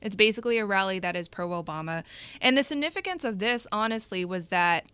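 A woman co-hosting a podcast, explaining and telling stories in a casual, animated way. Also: mid-range voice, fairly quick, smooth, dry recording. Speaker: podcast co-host. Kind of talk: casual music discussion.

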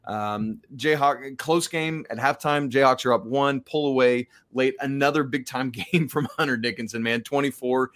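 A man co-hosts a casual sports podcast, running through records and scores in a lively, easygoing way. His voice sits at a medium pitch for a man. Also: normal speed, few pauses. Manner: lively, laughs between stats. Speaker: podcast co-host. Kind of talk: casual sports analysis chat.

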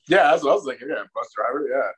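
A male host teasing his guest in loose banter. His voice is husky and swoops around a lot in pitch, and he speaks slowly. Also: lively intonation. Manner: joking, teasing. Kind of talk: casual interview banter.

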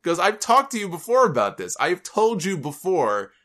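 A man's voice: sits high, wildly swooping pitch, moderate pace, pitched above the performer's own voice, heavily acted. A man doing a furious giant wrestler, cursing. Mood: angry. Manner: shouting profanity, accusing. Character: angry hulking male wrestler, scolding.

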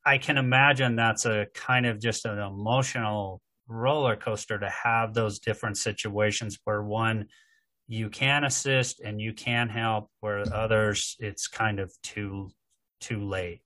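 A man's voice: on the low side, fairly even intonation, measured pace, pushed and bright. A man interviewing a guest, reflective as he sums up the guest's experiences. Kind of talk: interview questions.

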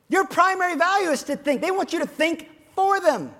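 A man with a notably high voice delivers a motivational keynote to a room of advisors. He swings between loud, punchy emphasis and hushed lines close to a whisper. He slows right down to hammer home his key phrases. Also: big pitch swings. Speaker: keynote speaker to financial advisors.

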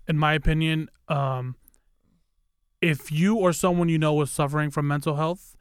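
A man's voice: fairly high pitch, steady tone, moderate pace, clean tone, no room sound, studio quality. A man co-hosting a podcast and studying counseling, giving earnest advice in casual chat. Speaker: podcast co-host, counseling student.

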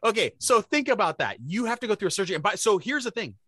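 A male host of a comedy radio show, telling stories at a rambling pace and trying out quick voices. His pitch jumps around a lot. He is close on a studio mic in a dry room. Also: husky, no echo. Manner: rambling, animated storytelling with put-on voices.

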